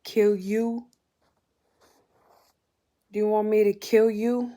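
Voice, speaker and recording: A woman voicing a harsh, angry male god who shouts his replies. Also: mid-range voice, little pitch movement, very slow.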